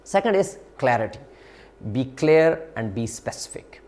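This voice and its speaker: Man giving a halting recorded lecture. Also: mid-range voice, very animated, darkish tone. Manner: explanatory, repeats himself, many restarts and fillers. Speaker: university lecturer.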